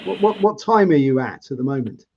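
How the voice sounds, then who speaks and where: A man's voice: medium pitch, big pitch swings, brisk, a little mellow, a little hiss or hum. A man hosting a live interview show, asking long, rambling questions in a chatty way over a video call. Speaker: host. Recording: dull lo-fi sound.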